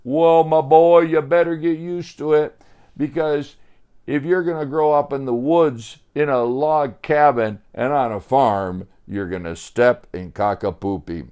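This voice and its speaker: A cheerful bearded lumberjack from a children's storybook, hearty and folksy, with a slow, easygoing delivery. A man acts him out, pitching his voice a little above his usual tone. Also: dark tone, clear, resonant tone, lo-fi sound, natural voice. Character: cheerful bearded male woodsman.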